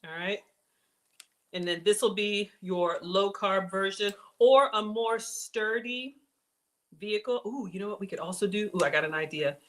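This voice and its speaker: A woman hosting a casual cooking demonstration, chatty and excitable, talking straight to her viewers as she builds a snack. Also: medium pitch, moderate pace. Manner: bubbly, excitable, chatty, addresses viewers as y'all. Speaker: cooking show host.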